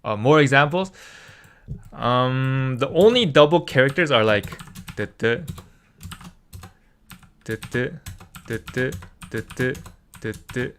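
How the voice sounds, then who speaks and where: Slow, bright-voiced man tutoring casually. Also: mid-range voice, animated, slight background noise. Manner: patient, drills syllables by repeating them, many "like" fillers. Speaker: Korean language tutor.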